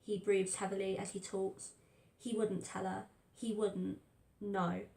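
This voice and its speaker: A woman's voice: mid-range voice, little pitch movement, a little slow, vocal fry, dark tone. A woman narrating a first-person story aloud in a tense, fearful telling. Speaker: audiobook reader. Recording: roomy echo.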